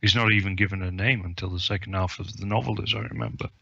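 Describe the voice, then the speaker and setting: Bright, lo-fi male podcast host. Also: low-pitched, fairly even intonation, quick pace, creaky, breathy edge, no room sound. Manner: hesitant, many ums and restarts. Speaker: publisher. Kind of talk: casual film discussion.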